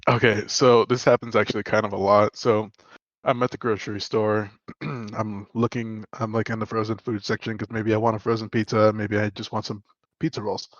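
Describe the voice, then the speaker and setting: A man's voice: fairly low pitch, little pitch movement, normal speed, dry recording, dull audio. Rambling young man telling a story. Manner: rambling storyteller, many fillers. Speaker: podcast co-host. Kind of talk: casual chat.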